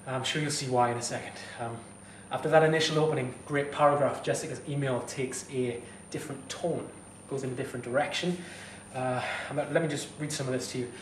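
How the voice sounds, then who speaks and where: A man's voice: mid-range voice, steady tone, fairly quick, hardly any pauses, echoey room, far from the mic, slight background noise. A fitness instructor talking straight to camera, heated and blunt, swearing as he gives advice. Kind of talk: direct-to-camera advice vlog.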